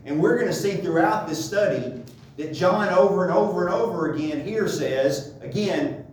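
A man's voice: sits high, normal speed, darkish tone, slight background noise. A man teaching a Bible study lesson, asking rhetorical questions and checking in with his listeners as he goes. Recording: echoey room, voice from far off.

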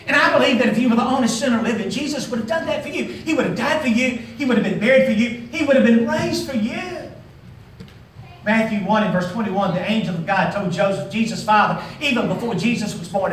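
A middle-aged man preaching a sermon with emphatic bursts that rise high, heard from a distance in a large church hall. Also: fairly quick, a little hiss or hum.

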